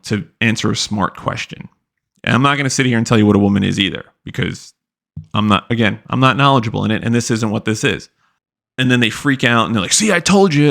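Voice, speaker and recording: Brief: young male podcast host, low and gravelly, loose profane rant. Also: a bit bright. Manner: loose, profane, lots of "like" fillers. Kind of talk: casual commentary rant.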